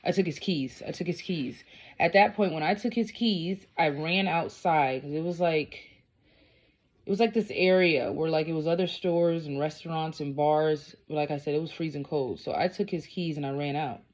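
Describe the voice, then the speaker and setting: Low-voiced woman telling a story bluntly. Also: moderate pace, a little mellow. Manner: blunt, profane, rambling. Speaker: vlogger. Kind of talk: casual storytelling.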